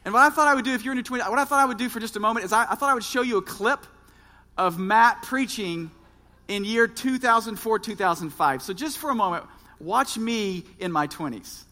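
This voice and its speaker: A pastor in his thirties preaches an earnest sermon, speaking directly to his congregation. His voice is fairly high and bright. It rings out with a long reverb in a large church hall. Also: lively intonation, a little fast. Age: 30s.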